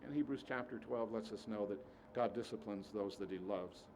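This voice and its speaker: A man preaching a sermon, emphatic, who repeats key phrases and swings between loud and soft. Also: fairly low pitch, normal speed, slight background noise.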